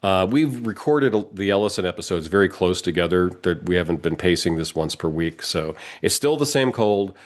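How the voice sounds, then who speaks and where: A low-voiced man co-hosts a podcast while fighting a cold. He talks in rambling, casual bursts, restarting sentences and breaking into laughter. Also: lively intonation, moderate pace, few pauses. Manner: rambling, self-interrupting, laughs often. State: has a cold. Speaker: podcast co-host. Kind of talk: casual chat.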